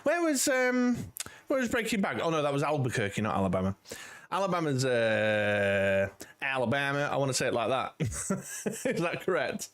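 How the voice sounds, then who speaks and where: A man's voice: on the high side, very animated, fairly quick. Chatty man in his forties. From United Kingdom. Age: 40s. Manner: rambling and friendly, many "you know"s. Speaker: livestream host. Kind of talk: casual livestream chat with viewers. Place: home.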